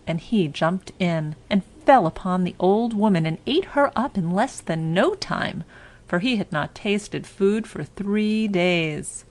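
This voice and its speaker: A woman narrating a children's storybook audiobook in a slow, measured reading. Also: fairly low pitch.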